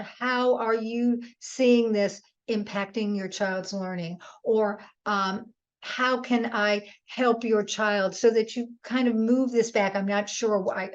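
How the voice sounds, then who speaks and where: A woman's voice: mid-range voice, muffled recording. A woman presenter answering audience questions in a webinar, giving earnest advice with frequent restarts. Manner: earnest, advising, many restarts.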